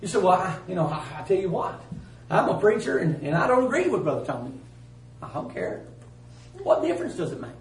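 Man preaching, folksy and emphatic, higher voice, echoey church, mic at a distance. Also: sing-song, brisk. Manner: folksy, emphatic, swings from loud to hushed. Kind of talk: sermon. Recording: roomy church sound from a distance.

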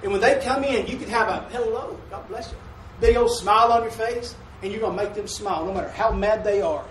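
Recorded from afar in an echoey church sanctuary, a fast-talking man with a high voice delivers a folksy sermon full of call-and-response. There's a little hiss or hum in the background.

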